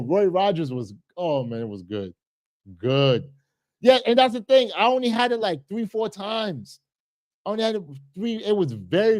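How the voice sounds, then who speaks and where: A man's voice: fairly high pitch, darkish tone, dry recording. Rambling chatty New man streaming. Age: 30s. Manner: rambling, laughing, repeats words. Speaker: livestream host. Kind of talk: casual livestream chat reading comments.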